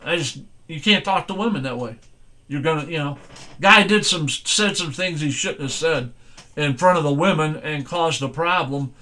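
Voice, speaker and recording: Folksy high-voiced older preacher. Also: male voice, sharp tone. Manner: folksy, plain-spoken, reads scripture slowly. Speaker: pastor. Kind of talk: sermon.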